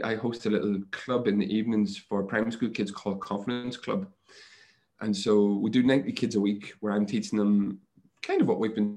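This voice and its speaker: A man talking as a guest on a podcast, a mindset coach who tells stories and acts out his own inner thoughts in lively quoted lines. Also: on the low side. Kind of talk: casual podcast conversation.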